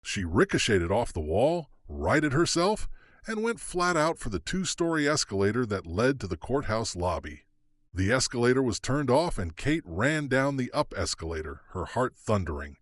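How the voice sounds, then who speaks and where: A man's voice: medium pitch, big pitch swings, moderate pace, no echo. A man narrating an audiobook thriller dramatically, his pacing shifting with the action. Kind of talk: scripted narration.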